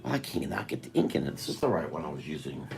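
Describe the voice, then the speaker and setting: A tired older man with a deep, gravelly voice talks his way through a live drawing stream. He rambles, loses his thread and restarts his sentences, while faint music plays behind him. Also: big pitch swings, fast. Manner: meandering, self-interrupting, chatty.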